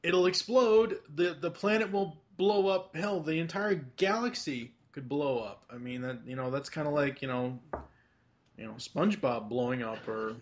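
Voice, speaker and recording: A man's voice: fairly high pitch, moderate pace. A man co-hosting a podcast, chatting casually about a cartoon, rambling with lots of fillers, restarts and the odd swear. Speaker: podcast co-host. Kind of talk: casual chat.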